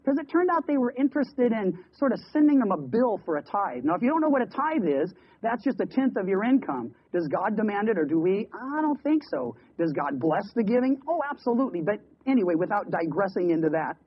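A man preaching a sermon, telling a story with quick asides and repeated words. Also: high voice, big pitch swings, husky. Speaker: pastor. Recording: dull lo-fi radio broadcast.

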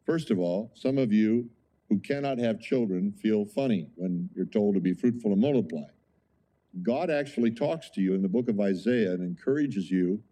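A man's voice: on the low side, dark tone. A male pastor preaching a sermon in an emphatic, conversational way, often asking the congregation rhetorical questions.

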